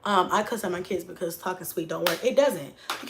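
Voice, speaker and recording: Blunt, cussing mom vlogger in an echoey room. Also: female voice, lowish voice, brisk, creaky, few pauses, a little hiss or hum. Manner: blunt, profane, animated. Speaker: mom vlogger answering critics. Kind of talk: casual livestream-style chat.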